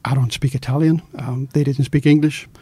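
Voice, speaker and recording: A middle-aged male journalist from Australia telling a story in an interview, lively and acting out the quoted dialogue. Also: mid-range voice, fairly quick, breathy edge, dry recording.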